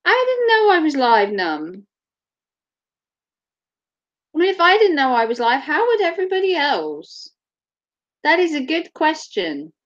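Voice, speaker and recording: A woman's voice: high-pitched, muffled recording. A woman chatting casually on her live stream, giggling often and swearing freely. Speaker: livestreamer.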